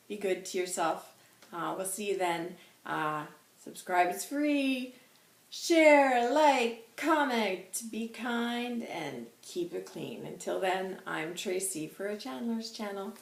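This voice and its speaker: A woman host giving a channelled spiritual reading, talking slowly and softly with meditative pauses and hesitations. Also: mid-range voice, creaky. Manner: slow, soft and meditative, with hesitations. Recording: roomy echo with faint background noise.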